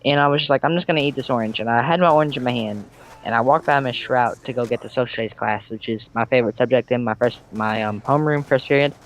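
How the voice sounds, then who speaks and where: A man's voice: medium pitch, quick pace, muffled recording. Give me a teenage guy casually narrating a story while co-commentating a game video. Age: teens. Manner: rambling, many um fillers and restarts. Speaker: network founder co-commentating gameplay.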